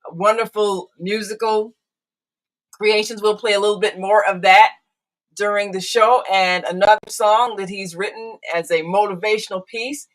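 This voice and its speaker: A woman's voice: mid-range voice, a bit bright, rough recording. An older woman hosting a live call-in talk show, chatty, with frequent fillers and restarts. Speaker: show host.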